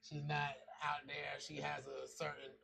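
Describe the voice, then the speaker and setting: A podcast host with a high voice talks in easy slang, drifting from story to story and breaking into laughs. A crowd murmurs clearly behind him. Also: male voice, completely flat delivery, a little slow. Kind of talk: casual chat.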